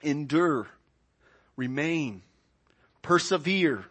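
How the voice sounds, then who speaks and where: High-voiced pastor preaching with big swings. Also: male voice, animated, measured pace. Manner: swings from quiet, low asides to loud, high, emphatic declarations. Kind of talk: sermon.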